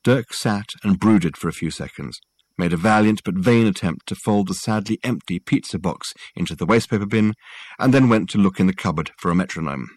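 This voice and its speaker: A man reading an audiobook aloud with wry, expressive storytelling. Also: low voice, fairly quick, dry recording. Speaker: audiobook narrator. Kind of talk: scripted narration.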